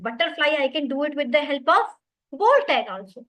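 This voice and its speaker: Woman teacher, high bright voice, patient repetitive explainer on an online class mic. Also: animated, moderate pace, low-quality recording. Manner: explanatory, repeats points, addresses students. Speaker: web development teacher.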